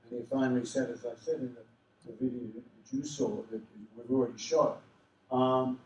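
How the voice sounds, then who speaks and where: Casting: older Australian man, animated raconteur, roomy hall, mic set back from him. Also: mid-range voice, moderate pace, distant mic, lo-fi sound. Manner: animated, does voices of people in his stories. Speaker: convention panel guest. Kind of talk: storytelling anecdotes to a live audience. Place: convention hall.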